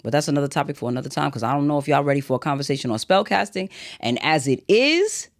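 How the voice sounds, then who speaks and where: A man's voice: on the high side, expressive, quick pace. Blunt, preachy man hosting a podcast. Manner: blunt, direct, self-described as not a soft speaker; sermon-like, motivational. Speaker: podcast host. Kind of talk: solo podcast monologue.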